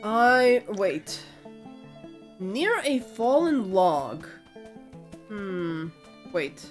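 A woman's voice: mid-range voice, very animated, very slow, faint music behind. A woman commenting as she plays a video game, hesitant and thinking aloud, often correcting herself. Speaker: gaming video creator. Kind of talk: let's play commentary.

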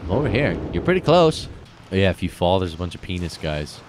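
Loud joking gamer guy, very lively pitch, noisy recording, swings from mumbles to shouts. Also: a little fast. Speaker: game commentator. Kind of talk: casual let's-play banter.

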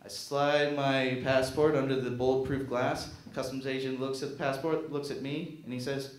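A man's voice: medium pitch, normal speed. A young man doing a self-mocking stand-up comedy set on a small theater stage. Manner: animated, self-mocking, jumps into silly voices. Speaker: stand-up comic. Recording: roomy stage sound.

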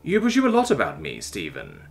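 A man's voice: low voice, wildly swooping pitch, fairly quick, vocal fry, faint music behind, pitched below the performer's own voice, full character voice. A man voicing a wary male detainee who answers in a dry, sarcastic, guarded way. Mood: wry guarded.

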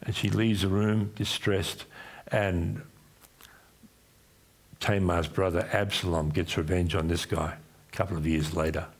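A man's voice: steady tone, measured pace, long pauses, husky. A man with an Australian accent, preaching a sermon as pastor in a church, acting out voices when he retells stories. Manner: acts out voices in his retellings, pitch swinging up and down.

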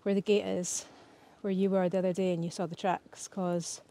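A woman's voice: fairly low pitch, level tone, moderate pace, warm tone. A woman co-hosting a vlog outdoors, plainly explaining what they are doing. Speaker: vlog co-host. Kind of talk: casual outdoor chat. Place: outdoors on an island farm.

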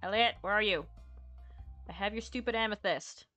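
A woman's voice: mid-range voice, moderate pace, pushed and bright, faint music behind. A woman streaming a farming game, chatting casually, reading dialogue aloud and swearing now and then. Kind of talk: casual gaming chat.

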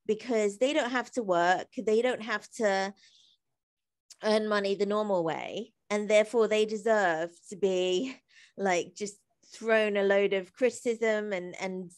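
A woman talking as a podcast guest in a chatty, animated way, laughing often and filling her speech with "like". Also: medium pitch, unhurried. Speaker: guest, comedy writer and singer. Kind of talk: casual interview conversation.

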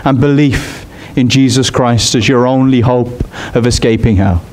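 A man preaching a sermon in an expressive way. He climbs high in pitch on his emphatic points. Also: moderate pace.

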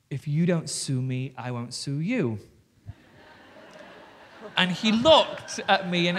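A man, telling stories on stage as a guest author, animated and swearing freely. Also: mid-range voice. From South Yorkshire, England. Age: 30s. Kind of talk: candid storytelling on stage. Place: stage before an audience.

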